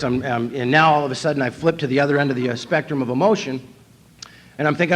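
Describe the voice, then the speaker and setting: At a convention hall, a man from North Dakota shares his recovery story as a meeting speaker, wry and self-mocking as he acts out the thoughts he used to have. His voice is medium-pitched and fairly bright, and he talks fast.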